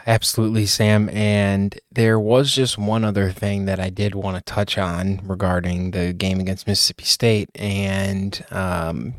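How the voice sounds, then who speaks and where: Low-voiced man chatting sports podcast. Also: dry recording, clean studio sound. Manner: chatty, easily amused, repeats words. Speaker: podcast co-host. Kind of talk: casual sports podcast chat.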